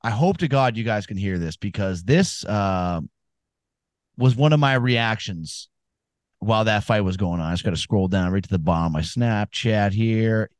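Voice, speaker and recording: A man's voice: fairly low pitch, lively intonation, normal speed, dry recording. A man co-hosting a casual sports podcast, telling rambling, profane stories and giving fight picks. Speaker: podcast co-host.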